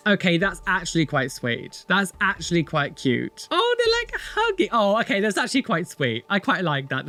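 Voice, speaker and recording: With a high, fairly bright voice, a young man reacts to tattoo videos in a casual, rambling style. He exclaims a lot and swears frequently.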